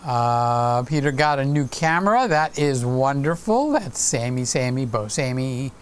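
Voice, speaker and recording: A man's voice: mid-range voice, animated, a little slow, clear, resonant tone. Rambling man in his sixties, live streaming. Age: 60s. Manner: rambling, stops to greet viewers by name. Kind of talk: casual live stream chat.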